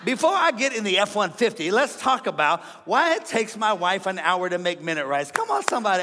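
A middle-aged man preaching a comedic sermon, animated, joking and acting out the voices of his listeners. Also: high voice, fast, hardly any pauses. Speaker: pastor. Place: large church hall. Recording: sermon in a reverberant church.

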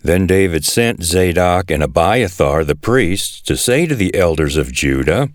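A man reading a Bible passage aloud in an expressive storytelling way. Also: sits low, unhurried, no echo, studio quality. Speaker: Bible reader. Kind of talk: scripted scripture reading.

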